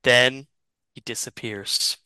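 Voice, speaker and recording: Man, game master, slow deadpan narration, smooth clear voice, dry close sound. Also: medium pitch, no echo, rough recording.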